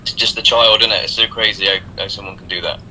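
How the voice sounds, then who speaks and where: A man joining as a podcast guest, reacting in short remarks and quiet laughs. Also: on the low side, fairly even intonation, quick pace, rough recording. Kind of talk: casual chat. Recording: faint background noise.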